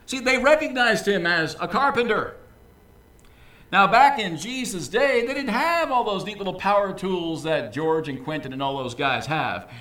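A man preaching a sermon as pastor, in a lively, conversational way with casual asides. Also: high voice, moderate pace. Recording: echoey room, voice from a distance.

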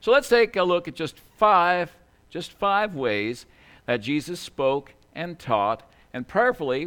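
A man's voice: medium pitch, a bit bright. A man preaching a sermon in a church, earnest and conversational, often adding "you know" as he talks.

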